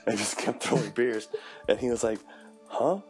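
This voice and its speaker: A man hosting a podcast as a chef, telling animated stories in casual chat, swearing and acting out other people's voices. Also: lowish voice, fairly quick, soft background music.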